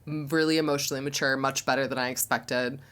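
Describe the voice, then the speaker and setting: A woman with a notably low voice co-hosting a casual recap podcast. She talks frankly and chattily and laughs often. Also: fairly even intonation, quick pace, a bit bright, clean tone. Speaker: podcast co-host.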